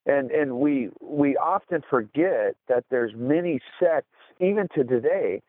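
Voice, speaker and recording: A male radio host who speaks hesitantly and often restarts his sentences. His voice is mid-pitched and dry. The sound is narrow and phone-like. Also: animated, a little slow, no room sound. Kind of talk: casual radio conversation. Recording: tinny phone line.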